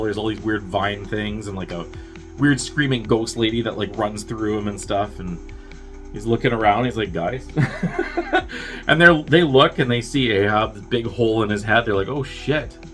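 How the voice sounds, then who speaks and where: A man's voice: moderate pace, a bit bright, faint music behind. A man casually recapping a film's plot in a rambling way, acting out the characters' lines in bursts. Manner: rambling, acts out characters' lines with jumps in pitch. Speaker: podcast host reviewing a film.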